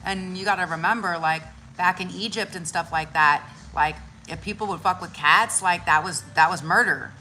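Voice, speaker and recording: A spiritual content creator with a lowish voice talks at normal speed with few pauses, over a little hiss or hum. She chats loosely and slangily about spirituality, swearing freely and doing little voices as she animatedly tells stories.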